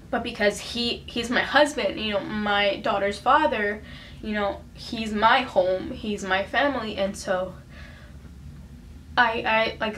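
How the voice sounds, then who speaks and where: A young woman speaks straight to camera in a casual vlog, earnest and close to tears. Her voice sits at an ordinary middle pitch, and she talks in a halting way with lots of "um" and "like." A faint hum of background noise runs under her. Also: fairly bright tone. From United States. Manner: emotional, earnest, full of fillers and restarts. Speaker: vlogger. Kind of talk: casual personal vlog talk.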